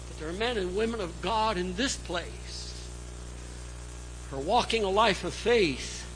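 A man delivers a church sermon in a high, bright voice. He takes his time and leans hard on key words. His volume rises and falls dramatically as he preaches. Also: slight background noise, rough recording. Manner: slow, emphatic preaching with dramatic swings in loudness. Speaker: pastor.

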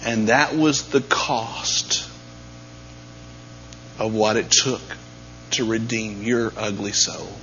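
A man preaching a sermon, dropping to near-whispers and then rising to loud, emphatic peaks. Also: lowish voice, takes it slowly, pauses often. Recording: dull lo-fi sound with faint mains hum.

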